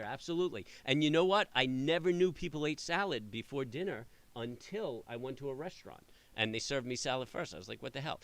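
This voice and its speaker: A middle-aged man chatting casually with viewers, telling rambling, animated stories full of fillers. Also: mid-range voice. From New York area. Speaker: trading channel host. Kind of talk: casual chat answering live viewers.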